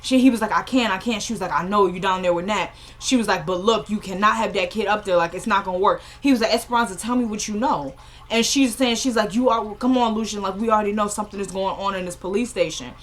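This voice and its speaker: A woman casually recapping a TV episode in a chatty, mid-pitched voice. She retells the scenes by quoting the characters' lines and breaks off for exasperated asides of her own. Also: fast talker. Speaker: show recapper.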